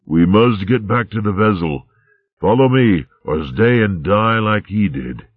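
A man's voice: on the low side, lively intonation, unhurried, breathy edge, no room sound, pitched above the performer's own voice. A man voicing a cold, ruthless male lizard general in a storybook, with a hissing, commanding manner. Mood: menacing. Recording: tinny narrow-band recording.

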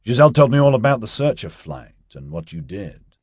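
A man's voice: medium pitch, very animated, a little fast, darkish tone, breathy edge, dry recording, studio quality, voice pushed up. A man doing a laid-back slangy young dude. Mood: easygoing. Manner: easygoing slangy drawl.

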